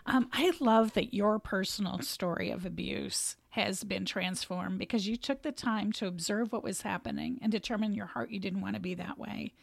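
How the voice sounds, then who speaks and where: Husky-voiced woman host, gravelly edge. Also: mid-range voice, moderate pace, hardly any pauses, no room sound. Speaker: podcast host. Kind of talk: interview.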